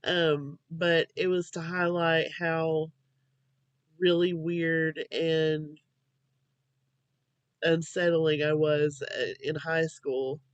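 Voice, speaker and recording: A young woman speaking slowly and hesitantly, sounding drowsy, hosting a casual home video chat. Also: sits low, flat delivery, smooth, no room sound, dull audio. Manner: slow, hesitant, halting with many fillers. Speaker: vlog host.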